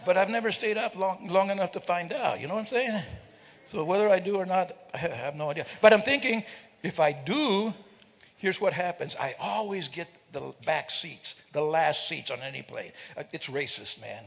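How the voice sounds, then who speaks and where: A man's voice: sits high, expressive, normal speed, vocal fry. An older man telling a funny story to a live audience, joking and teasing people in the crowd. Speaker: speaker at a celebration. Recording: reverberant hall.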